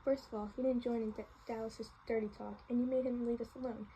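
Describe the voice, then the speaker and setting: A woman voicing a composed, frank teenage girl in a calm, thoughtful manner while reading a novel aloud. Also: a little high, fast talker, slight background noise, natural voice, low-quality recording.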